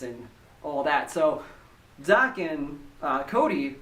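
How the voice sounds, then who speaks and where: A man with a fairly high voice tells a story in an animated, chatty way. His voice comes from a little way off the microphone. It bounces around an echoey room. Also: unhurried, distant mic. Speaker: listener sending in a story. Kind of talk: casual storytelling voice message. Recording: echoey room, voice away from the mic.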